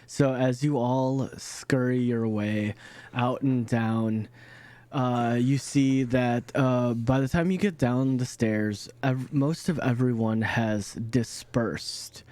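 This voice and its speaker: A man's voice: medium pitch, slow pace, darkish tone, no echo. A man narrating a tabletop game as game master, rambling with many fillers and restarts.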